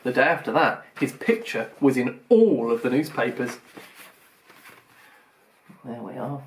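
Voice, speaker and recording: A man reading a children's storybook aloud in an expressive, lively way. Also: medium pitch, measured pace, slight background noise. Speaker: audiobook reader. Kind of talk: children's audiobook narration.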